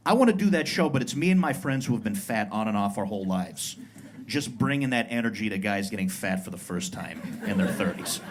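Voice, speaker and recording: Man in his 30s, stand-up comic, lively swinging pitch, live club recording with room noise. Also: a little fast. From Pueblo, Colorado. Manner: animated, self-mocking, acts out brash tough-guy voices. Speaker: stand-up comedian. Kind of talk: stand-up comedy set. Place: comedy club stage.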